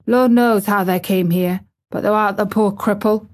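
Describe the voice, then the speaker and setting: Woman doing a hoarse, shaky old gardener. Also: medium pitch, steady tone, moderate pace, a little mellow, lightly acted. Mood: stunned. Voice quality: hoarse, quavering.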